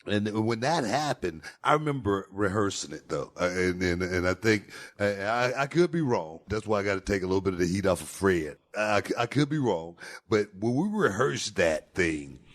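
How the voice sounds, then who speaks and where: A man's voice: on the low side, animated, moderate pace, hardly any pauses. A man appearing as a podcast guest, reminiscing with laughter and frequent stops and restarts. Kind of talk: casual interview chat.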